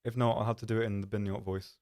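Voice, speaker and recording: A man's voice: on the low side, level tone, very fast, darkish tone. A man hosting a live stream, chatting casually in a rambling, self-deprecating way with lots of ums. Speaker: stream host.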